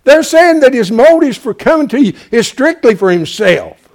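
A man preaching a fiery sermon in a high, lively voice that leaps up and down. He drives his points with loud, emphatic urging, then sinks to quiet pleading, and he scatters "bless God" through his talk. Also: moderate pace. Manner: repeats "bless God" as a filler.

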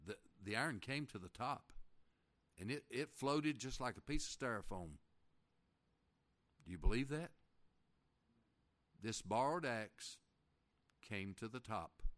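Folksy preacher, lively voice. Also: male voice, mid-range voice. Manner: folksy, reads scripture slowly with emphasis, asks the congregation questions. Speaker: pastor. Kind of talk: sermon.

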